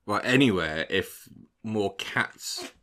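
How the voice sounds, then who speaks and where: Bright-voiced man, laughing easily. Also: fairly low pitch, animated, slow. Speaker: podcast co-host. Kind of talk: casual banter.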